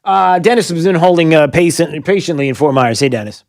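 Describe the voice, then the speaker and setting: A man's voice: on the high side, brisk, dry recording. A worked-up man hosting a call-in talk radio show, firing off rhetorical questions and stumbling over fillers as he vents. His voice is dry and close, with no room sound around it. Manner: agitated, indignant, rhetorical questions, many fillers.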